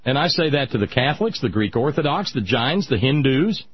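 A man on a radio talk show, talking in a casual, emphatic way that climbs into loud, insistent peaks. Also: medium pitch, sing-song, a little fast, a little hiss or hum. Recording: dry, dull radio audio.

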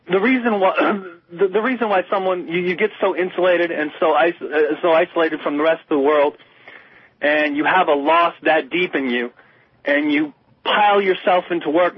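A man's voice: fairly high pitch, breathy edge, no echo. A man co-hosting a radio talk show, chatting casually about music in an emphatic, rambling way with many restarts. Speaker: radio co-host. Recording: slightly muffled radio broadcast.

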